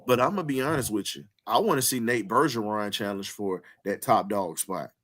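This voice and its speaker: A man's voice: on the low side, animated, brisk, a bit bright. A man hosting a heated sports talk show, speaking with an emphatic, preaching cadence and repeating phrases to drive points home.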